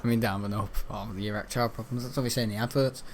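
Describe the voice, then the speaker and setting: A man's voice: lowish voice, fairly even intonation, very fast, slight background noise. A man giving rambling, jokey commentary over a video game, often breaking into giggles. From north-west England. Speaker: gaming channel host. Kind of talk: casual gameplay commentary.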